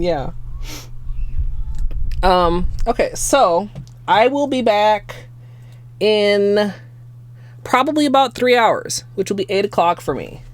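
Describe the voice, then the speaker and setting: A young adult woman streamer chatting casually at home, excitable and given to swearing, teary-eyed and sniffling. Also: medium pitch, a little hiss or hum. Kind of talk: casual livestream chat.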